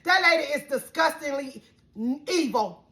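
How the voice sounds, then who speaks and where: A woman tells a heated storytime rant into her camera. Her voice sits high and has a sharp, bright edge. She curses freely and replays the whole argument line by line, playing both sides. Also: animated, unhurried. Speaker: vlogger.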